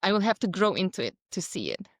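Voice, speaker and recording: A woman's voice: medium pitch, fast, no room sound, clean studio sound. A woman, a podcast guest telling a story animatedly in casual conversation. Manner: animated storytelling with laughs and voiced quotes.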